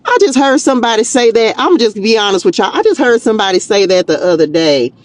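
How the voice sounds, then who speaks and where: Leading a live tarot session, a Southern-drawling spiritual coach keeps things chatty and upbeat, calling people "child" and "y'all," laughing readily, and giving her audience a warm pep talk. Her fairly high voice is lively in intonation, and she talks fast.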